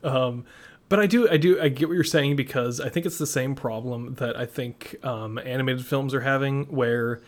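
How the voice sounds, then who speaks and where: A man's voice: medium pitch, moderate pace. A man co-hosting a film podcast, easygoing and agreeable, who laughs often and moves the talk along. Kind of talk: casual film review chat.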